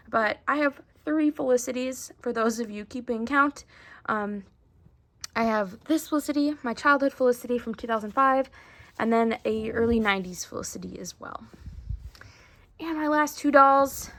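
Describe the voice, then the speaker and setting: A young woman hosts a relaxed show-and-tell vlog, filling her talk with ums and likes. Her voice sits a touch high and carries a gravelly fry, and she slips into soft whispers at times. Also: normal speed, slight background noise. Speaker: doll collecting vlogger.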